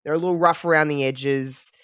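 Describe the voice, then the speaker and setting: A man's voice: a little high, fairly even intonation, fairly quick, fairly bright tone, smooth, no echo, studio quality. A man in his twenties with an Australian accent, co-hosting a casual chat over a video call and hesitating with plenty of fillers. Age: 20s. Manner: hesitant, rambling, filler-heavy. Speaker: podcast co-host.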